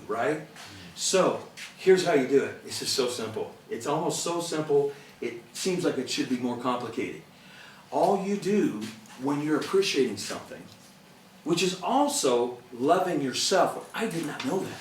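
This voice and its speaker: A man's voice: fairly high pitch, animated, moderate pace, recorded from a distance, a little hiss or hum. A middle-aged man giving an earnest, conversational motivational talk to an audience, laughing often. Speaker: motivational speaker. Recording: echoey room, speaker away from the mic.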